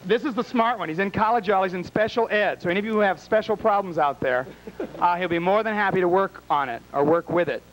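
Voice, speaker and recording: A man's voice: high-pitched, fast, low-quality recording. A man emceeing a live game show in a small bar, teasing and wisecracking with the contestants and the crowd.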